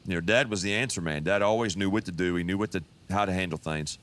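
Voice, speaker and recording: A pastor in his fifties telling his life testimony in a relaxed, folksy storytelling manner. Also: deep voice, fast talker, slight background noise. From Texas. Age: 50s.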